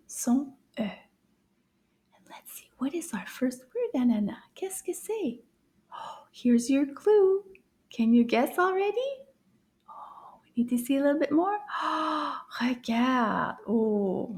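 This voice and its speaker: High-voiced woman teaching little kids, super slow, stretches words out, encouraging, whispers a lot. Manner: slow, drawn-out word modeling with frequent soft whispered asides; encouraging, praising the listener. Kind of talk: children's language lesson.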